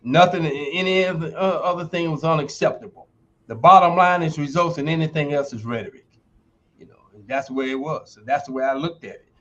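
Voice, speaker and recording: A man in his sixties, a retired football player and university lecturer, tells stories as a guest on a podcast interview. His voice is fairly high and bright, his pace a little fast, and the recording sounds muffled. He comes across emphatic and folksy, like a motivational coach.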